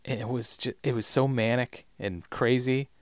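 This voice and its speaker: A man co-hosting a podcast in easygoing casual chat, often trailing off softly at the ends of sentences. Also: medium pitch, steady tone, a little slow, no echo, studio quality. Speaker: podcast co-host.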